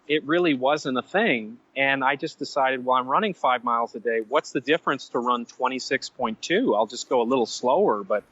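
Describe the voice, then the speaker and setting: A man telling stories as a podcast guest, animated and self-mocking, drifting into side stories. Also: mid-range voice, brisk, hardly any pauses, breathy edge, dry recording, lo-fi sound. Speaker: guest writer. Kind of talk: conversational storytelling.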